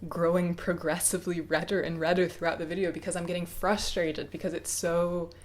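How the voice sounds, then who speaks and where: A young woman in her twenties talking to camera off the cuff, hesitant and reflective, with many pauses and restarts. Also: lowish voice, little pitch movement. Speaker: YouTuber. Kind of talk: casual unscripted talk to camera.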